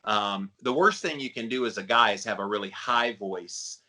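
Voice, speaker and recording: Chatty bright-voiced male podcast host. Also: moderate pace. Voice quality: baritone voice. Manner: chatty, rambling, with frequent fillers. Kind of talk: casual podcast interview.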